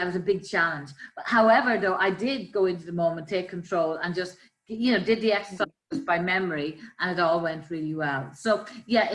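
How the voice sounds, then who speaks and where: A woman, a life coach, calmly explaining ways to manage stress with everyday examples. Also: fairly low pitch. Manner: calm, explanatory, gives examples. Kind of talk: conversational coaching talk. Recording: roomy echo.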